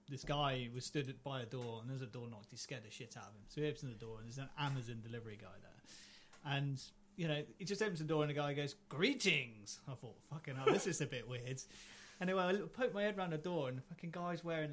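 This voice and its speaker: A man's voice: mid-range voice, fast, slight background noise. A man telling a rambling anecdote on a podcast, swearing freely and laughing as he goes. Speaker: podcast co-host. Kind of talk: casual chat, storytelling.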